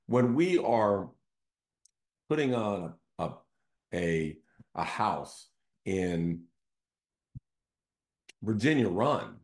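A man with a somewhat low voice hosts his own show. He talks in a relaxed storytelling way and keeps checking in with his listeners. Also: very slow, pauses often. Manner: conversational, often checks in with "right?". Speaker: real estate team CEO hosting a show. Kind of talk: casual storytelling monologue.

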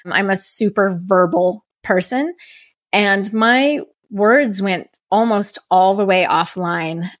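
Taking it slowly at medium pitch, a female podcast host recounts a personal experience in a reflective storytelling style, quoting her own thoughts aloud. The recording is dry and studio clean.

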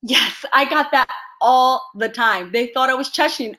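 Brief: a lively actress as an interview guest, somewhat high voice, relating stories with laughs. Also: female voice, measured pace. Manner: animated storyteller, laughs often. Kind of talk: casual interview conversation.

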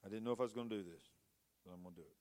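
A man preaching a passionate sermon, swinging between hushed, intimate lines and loud, rising storytelling. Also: on the low side, very fast. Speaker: pastor.

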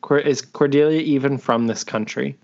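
A man's voice: mid-range voice, moderate pace, darkish tone. Joking man on a muffled video call. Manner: joking, profane, acts out characters' lines. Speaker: podcast co-host. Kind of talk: casual recap chat. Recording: dull lo-fi audio.

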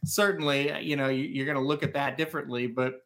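A man's voice: mid-range voice, steady tone, quick pace, fairly bright tone. A man co-hosting a racing podcast, emphatic and fond of "like" and "I mean". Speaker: podcast co-host. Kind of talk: casual podcast chat.

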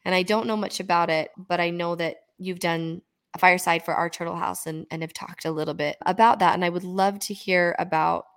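A middle-aged woman hosts a heartfelt talk and affirms her guest openly. Her voice sits a little low. She speaks in a conversational way. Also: fairly even intonation, a little fast. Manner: warm and open, affirming. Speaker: host. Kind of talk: therapy-style conversation.

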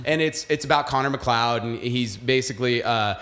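A man's voice: medium pitch, a little fast. A man co-hosting a podcast in casual chat. He talks animatedly and swears freely. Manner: animated, swears freely, stumbles over restarts. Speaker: podcast co-host.

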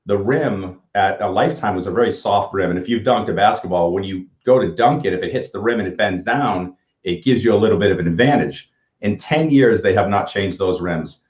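Brisk and fairly low-pitched, a man in his fifties co-hosts a laid-back livestream chat. He tells positive, motivational stories, and the lo-fi recording is echoey and dull.

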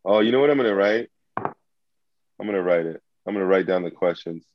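A man's voice: sits low, brisk, muffled recording, slight background noise. A man leading a casual group game chat, loose and swearing, explaining his points at length.

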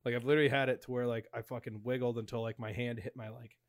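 A man's voice: mid-range voice, little pitch movement, racing. Young man telling loose, profane stories. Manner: loose, profane, laughing storyteller. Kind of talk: casual chat.

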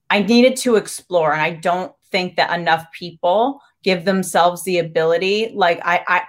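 A woman who works as a trainer and coach, speaking as a podcast guest in an animated, chatty way full of "like" and restarts. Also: on the low side. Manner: animated, filler-heavy talk with frequent "like" and restarts. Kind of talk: casual interview conversation.

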